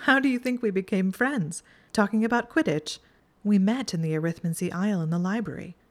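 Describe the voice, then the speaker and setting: A woman's voice: medium pitch, a little fast, voice pushed up, close to an everyday voice. A woman reading a prim bookish young witch. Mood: brisk, prim.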